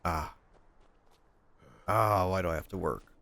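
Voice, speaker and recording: A man's voice: low-pitched, slow, gravelly, a bit bright, dry recording. A young man streaming and chatting casually, rambling and repeating his words as he goes. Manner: rambling, repeats words, quotes family in voices. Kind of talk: casual chat.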